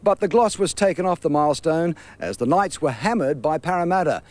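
A man's voice: a little high, lively intonation, a little fast, a little mellow. A man reading sports news headlines in a formal style. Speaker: newsreader. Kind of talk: news read.

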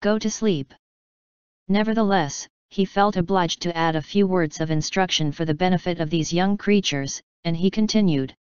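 Woman narrator for a classic audiobook; measured, crisp, dry close sound. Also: lowish voice, darkish tone, dry recording, muffled recording. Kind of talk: scripted narration of a classic novel.

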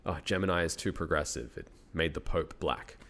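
A man's voice: sits low, brisk, vocal fry, fairly bright tone. A man in his thirties with an Australian accent, a university researcher talking as a guest in a casual interview, thinking aloud and laughing often.

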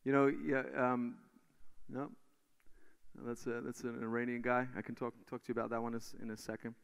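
A man preaching in church and telling testimonies in an animated way, full of restarts. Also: medium pitch, brisk, clean tone. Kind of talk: sermon testimony. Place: church stage.

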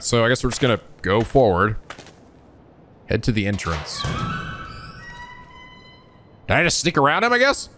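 A man hosting a let's play, reading the game text aloud and reacting with excitable commentary. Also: mid-range voice, a little hiss or hum.

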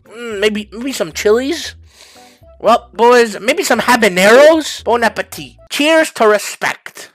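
A man hosting a comedic reaction video, talking to viewers as boys and fellas and breaking into yelps and shouts. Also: very high-pitched, animated, slow pace, dry recording, soft background music. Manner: hyped, jokey, bursts into yelps and shouts. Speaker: YouTuber.

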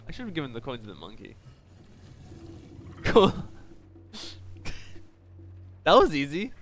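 A man's voice: fairly high pitch, wildly swooping pitch, a little slow, fairly bright tone. Playful male streamer narrating a game. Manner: playful, joking, talks to viewers. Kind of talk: live game commentary. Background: game music.

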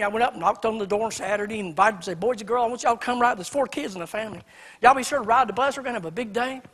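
A man preaching a sermon in a church, swinging between loud emphatic lines and quiet storytelling. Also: extremely high pitch. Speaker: pastor. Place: church sanctuary.

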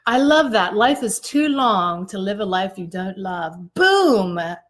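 Chatty woman cohost, bubbly and giggly, mid-pitched, jumps from story to story. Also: a little slow. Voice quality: bubbly, laughs often, big pitch swings. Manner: chatty storyteller, sparks off tangents. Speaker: co-host of a self-growth live show. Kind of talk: casual live chat.

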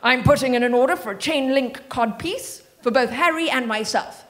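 A man's voice: very high-pitched, big pitch swings, fast, a bit bright, pitched above the performer's own voice, exaggerated voice. A woman reading aloud and voicing an irascible older father who mocks and swears with indignation. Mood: outraged. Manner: indignant, mocking, swearing freely.

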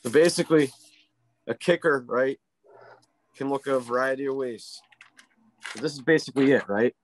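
A man who works as a ski instructor tells a story in a casual interview. He is animated and keeps checking in with "right?". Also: mid-range voice, normal speed.

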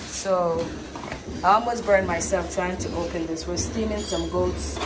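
A woman, vlogging casually and explaining things plainly, often pausing to find her words. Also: on the low side, steady tone. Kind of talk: casual vlog narration. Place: outdoor porch used as a kitchen. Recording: outdoor ambient noise.

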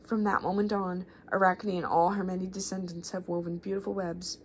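A woman's voice: lowish voice, flat delivery, brisk, a little hiss or hum. A woman whispering a myth as a storybook reading in a whispered role-play. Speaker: ASMR creator.

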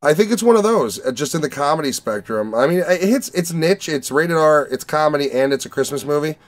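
A young man from the Chicago area, hosting a casual movie podcast and talking in a profane, rambling, animated way. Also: a little high, a little fast. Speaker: podcast host reviewing movies. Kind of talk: casual chat.

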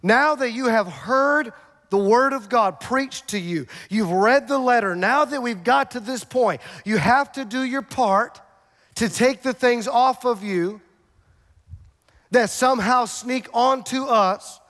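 A man with a high, bright-edged voice preaching with energy, pressing his listeners with rhetorical questions and quick jokes. His voice rings through a large church auditorium with a long reverb tail. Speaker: pastor. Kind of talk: sermon.

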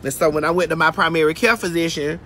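A woman's voice: low-pitched, steady tone, fast, a bit bright, slight background noise. A woman hosting a casual phone livestream outdoors while getting her hair braided, telling a brash, profane story. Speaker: host.

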